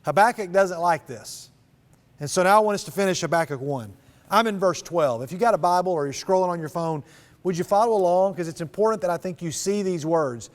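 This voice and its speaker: A man giving a sermon to students, animated and dramatic when he reads scripture aloud. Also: high-pitched, fairly quick. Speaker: speaker at a student event. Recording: long reverb of a large hall.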